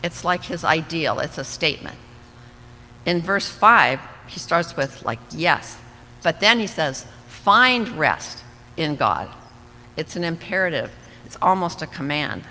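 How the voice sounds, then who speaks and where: Woman doing a bible study talk, bright clear voice, echoey hall, a little hiss. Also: low voice, a little slow. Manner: earnest, reflective, with small slips and restarts. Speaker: women's Bible study speaker. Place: church hall. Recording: reverberant hall, faint background noise.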